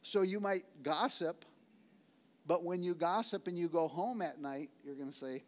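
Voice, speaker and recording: Pastor, male, high voice, emphatic repeating sermon delivery. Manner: slows for key words, swings between loud and hushed.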